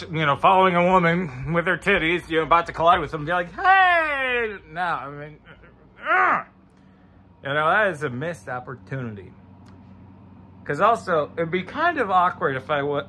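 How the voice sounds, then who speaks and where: A young man doing a rambling, crude stand-up bit, halting with fillers and restarts and breaking into loud exclamations. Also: on the high side, slight background noise. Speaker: stand-up comedian.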